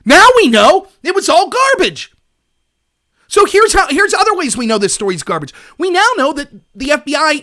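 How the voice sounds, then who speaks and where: A man hosting a political commentary livestream, talking in an animated, sarcastic, ranting way. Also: extremely high pitch. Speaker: host.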